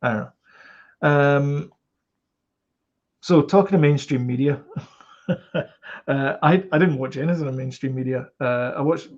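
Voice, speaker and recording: Gravelly Scottish man, rambling podcast chat. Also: medium pitch. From Scotland. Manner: rambling, animated, with many fillers and restarts. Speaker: podcast co-host. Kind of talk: casual chat. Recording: dull lo-fi podcast audio.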